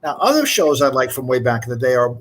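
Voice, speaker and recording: A man in a casual group chat, telling stories in a measured, mock-formal way. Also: mid-range voice, very animated.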